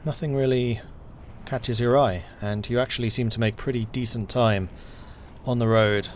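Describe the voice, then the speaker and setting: A man acting as game master for a tabletop game, talking over an online call. His narration is loose and unhurried, full of ums and uhs as he paints the scene. His pitch sits in an ordinary middle range. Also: slight background noise. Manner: relaxed, unhurried narration with frequent fillers.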